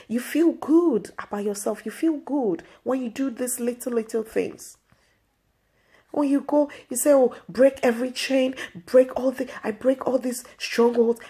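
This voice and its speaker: A woman's voice: a little high, dark tone, breathy edge. A woman vlog host giving an earnest inspirational faith talk to camera, repeating her pleas.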